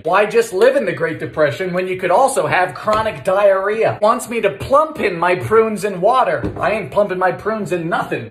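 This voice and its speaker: A man cooking in his home kitchen, trading dry sarcastic quips with sudden shouted outbursts. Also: high voice, echoey room. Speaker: comedy cooking host. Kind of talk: quick comic cooking commentary.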